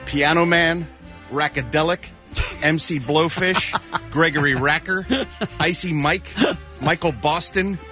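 A man's voice: high voice, pushed and bright. A man reporting entertainment gossip on a radio show, with sarcastic and playful banter into a studio microphone.

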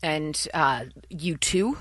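A woman's voice: low voice, takes it slowly, fairly bright tone, dry recording. A woman co-hosting a morning radio show, reading announcements in a playful, upbeat way.

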